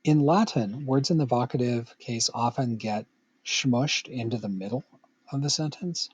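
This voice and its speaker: Slow, husky-voiced male Latin teacher. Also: medium pitch, highs cut off. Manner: slow, patient, playful asides to the student. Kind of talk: recorded grammar lesson.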